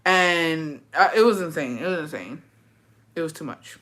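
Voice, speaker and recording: This livestream host sits low in pitch, with lively intonation, normal speed and a fairly bright tone. She tells a personal story while reading chat, cursing casually, answering bluntly, and frequently tacking on "bitch."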